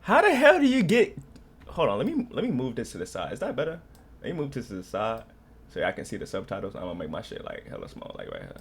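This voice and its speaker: Lively young man rambling in reaction commentary. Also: medium pitch, quick pace, slight background noise. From North Carolina. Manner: rambling, slangy, laughing storyteller. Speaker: reaction streamer.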